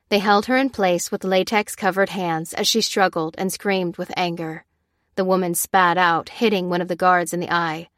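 A woman reads a novel chapter aloud in a steady, measured way. Her voice sits on the lower side and the recording is dry and close, with no room sound. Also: no echo. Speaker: audiobook narrator. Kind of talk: scripted narration.

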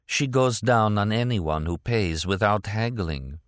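A man voicing a strange young Italian woman with an Italian accent, speaking slowly and dreamily. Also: on the low side, lively intonation, no room sound, clean studio sound, pitched above the performer's own voice. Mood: dreamy. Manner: slow, dreamy, deliberate.

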